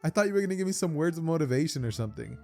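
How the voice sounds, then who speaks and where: A man putting on a high, startled schoolgirl. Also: lively intonation, very fast, gravelly, mellow. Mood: amused disbelief. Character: nervous young girl student, easily startled.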